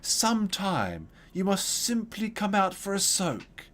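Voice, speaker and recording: A man voicing a flamboyant old male neighbor who speaks slowly with airy, lilting, elaborate politeness. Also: high voice, wildly swooping pitch, a bit bright, pitched above the performer's own voice, full character voice. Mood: genteel polite.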